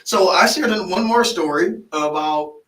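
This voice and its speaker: A man hosting a podcast interview in a casual, animated way, often affirming his guest. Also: high voice, unhurried. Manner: animated, frequent affirming "mm-hmm", restarts when excited. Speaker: podcast host and life coach. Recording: echoey room, mic at a distance.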